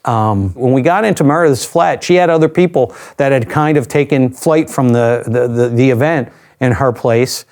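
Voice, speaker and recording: Older male interview guest, reflective storyteller, conversational, dry asides, mid-pitched voice. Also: moderate pace, hardly any pauses, a little mellow. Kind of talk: personal storytelling.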